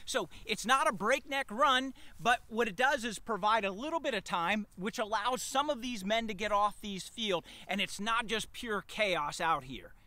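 Male guide on a field, high and bright, dry sound, measured. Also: lively intonation, no room sound. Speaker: battlefield guide. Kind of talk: outdoor historical explanation. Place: outdoors on a field.

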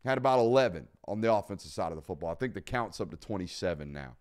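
A man hosts a live sports talk show in a fairly low voice. He talks bluntly and emphatically, and he often stacks repeated words to drive his points home. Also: animated, fast talker, a little mellow. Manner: blunt, casual swearing. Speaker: podcast host.

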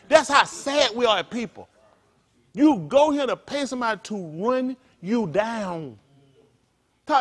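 Pastor, male, high voice, lively delivery, street-casual preaching. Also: unhurried, pauses often. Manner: animated, colloquial, rhetorical questions. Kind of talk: conversational sermon.

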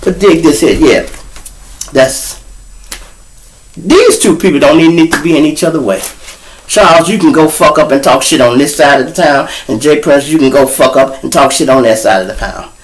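Animated cussing man. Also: normal speed, low-quality recording. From Chicago. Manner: animated, swings from low mutters to loud outbursts, cusses freely. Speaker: show host and storyteller. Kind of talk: casual monologue to a live audience. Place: home room.

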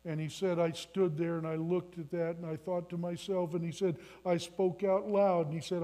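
A man's voice: high voice, little pitch movement, normal speed, hardly any pauses, dark tone. A man in his twenties preaching a sermon in a church, telling a personal story earnestly and building to emphatic appeals. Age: 20s. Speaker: pastor. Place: church sanctuary.

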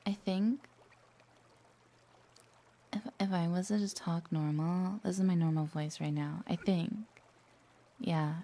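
A young woman streaming ASMR, chatting casually in a soft whisper and a low, slightly husky morning voice, a little congested from allergies. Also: steady tone, slow, pauses often.

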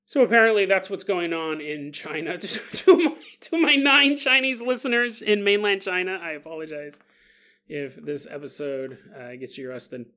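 A man's voice: high-pitched, moderate pace, bright, forceful tone. A man hosting a podcast on his own, talking casually, joking and laughing often, and acting out quoted voices. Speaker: podcast host. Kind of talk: casual solo podcast monologue.

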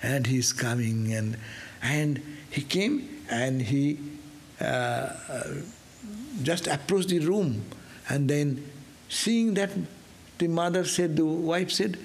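A monk teaching a scripture class, telling a parable as an animated storyteller who asks listeners "no?". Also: male voice, a little high, slow, slight background noise. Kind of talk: sermon storytelling.

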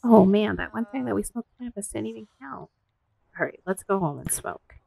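A woman commentating casually on her own gameplay, gasping and voicing the characters in quick asides. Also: medium pitch, lively intonation, creaky, dark tone, husky, dry recording, rough recording. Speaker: gameplay streamer. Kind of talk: casual let's-play commentary.

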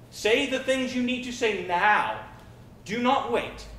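A young man preaching a sermon, emphatic, swinging between loud urging and quiet asides. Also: high voice, sing-song, moderate pace, a little hiss or hum. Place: church sanctuary. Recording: echoey church hall.

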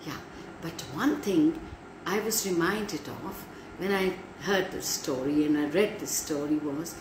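A woman storyteller reading a storybook aloud to children and chatting with them, asking questions in a teacherly way. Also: sits low. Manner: slow, warm, teacherly, asks children questions. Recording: roomy echo, faint room noise.

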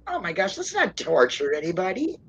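A woman hosting a casual livestream chat, rambling and calling herself a loudmouth. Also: lowish voice, wildly swooping pitch, a little fast, husky, rough recording. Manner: rambling, self-described loudmouth, laughs often. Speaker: stream host.

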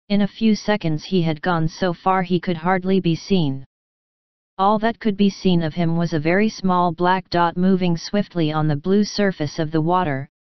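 A woman narrating a classic children's storybook in a calm, even manner. Her voice is smooth and clear, sitting on the low side. It sounds dry and close, with a slightly dull recording. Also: dry recording. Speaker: audiobook narrator. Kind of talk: scripted narration.

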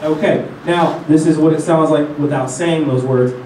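A man's voice: fairly high pitch, fairly even intonation, normal speed, background noise. A man teaching a lesson, coaching the class and having them repeat sounds after him. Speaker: didgeridoo teacher. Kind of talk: instructional lesson. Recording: roomy sound, mic at a distance.

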